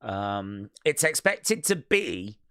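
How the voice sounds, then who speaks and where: A man's voice: fairly low pitch, very animated, slow, pushed and bright, clean tone, no echo, clean studio sound. A man hosting a live wrestling watch-along stream, chatting casually and reading news items aloud to viewers. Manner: chatty, musing aloud with filler words.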